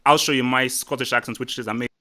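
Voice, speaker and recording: A man hosting a casual live football stream, teasing and boastful, talking excitably to his guest and the chat. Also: mid-range voice, very fast, crowd noise. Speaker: livestream host.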